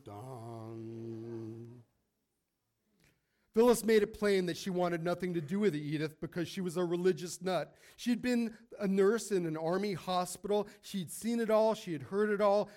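A male pastor telling a long story from the pulpit, fairly high-voiced for a man. He calls out to the congregation and pulls them in. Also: darkish tone. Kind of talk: sermon storytelling.

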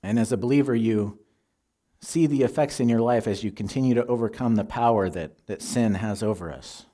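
A man preaching a sermon, teaching in a measured, earnest way and quoting scripture. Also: mid-range voice, dark tone.

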